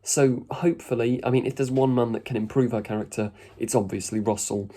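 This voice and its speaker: A man's voice: mid-range voice, fairly even intonation, a little fast, dark tone. A man giving a chatty, rambling video review with casual asides. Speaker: YouTube reviewer.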